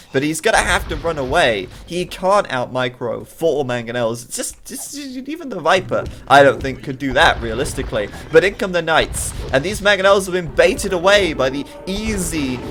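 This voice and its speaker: A man commentating a strategy video game live, chatty and excitable, with jokey asides between the action. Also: fairly high pitch.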